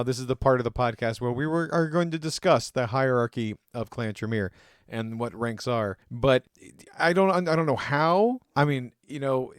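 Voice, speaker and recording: A man co-hosting a casual podcast, going off on a mock rant in a joking tone and acting out quotes as he goes. His voice sits at an ordinary middle pitch. The recording is dry and close. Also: smooth, dry recording. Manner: joking, ranting, acts out quotes. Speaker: podcast co-host.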